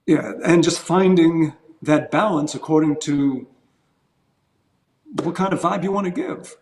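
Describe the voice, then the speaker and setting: A man's voice: fairly high pitch, unhurried, a little mellow, slight background noise. A man, a guest musician, explaining at length in a casual podcast interview, chuckling now and then. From United States. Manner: rambling, explanatory, chuckles while talking. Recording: echoey room.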